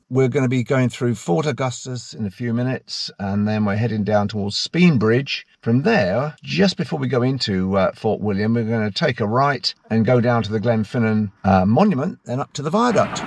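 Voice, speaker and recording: A man's voice: mid-range voice, animated, moderate pace, creaky, husky, no echo. A man narrating his own road-trip vlog in a chatty, jokey way, mixing casual remarks with read-out facts. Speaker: travel vlogger.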